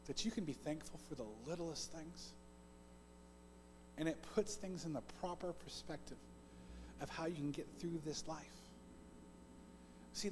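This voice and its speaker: A male pastor preaching a conversational sermon, swinging between loud emphatic bursts and soft, hushed stretches, often piling up repeated phrases. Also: on the high side, a little hiss or hum. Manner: repetitive, list-like delivery. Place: church sanctuary. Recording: long reverb of a church hall.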